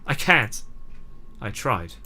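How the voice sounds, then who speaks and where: A man's voice: medium pitch, sing-song, slow, sharp tone, full character voice. A man voicing a proud, remorseful teenage girl club president, emotional and tearful, in a fan reading of a game. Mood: defensive. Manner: emotional, breaking into tears.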